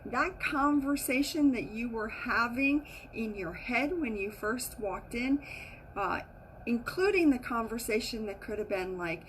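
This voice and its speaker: A woman with a slightly high voice teaches in a relaxed, chatty way as a spiritual teacher. She is animated and slips into little acted voices to show what people think. A faint hiss sits under her speech. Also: a little slow, poor audio. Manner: animated, acts out inner voices in quotes. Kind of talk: casual teaching talk to a group.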